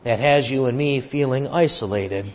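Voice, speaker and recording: A male preacher giving an earnest, measured sermon and telling a story, with lots of repetition. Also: mid-range voice. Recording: dull lo-fi recording.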